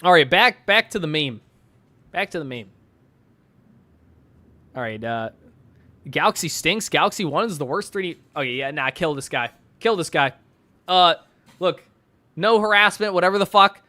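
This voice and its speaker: On a dry recording, a young man with a fairly high, pushed and bright voice speaks at a moderate pace with lively intonation. He chats casually on a stream, reading donations while rambling, swearing, laughing often and filling gaps with fillers.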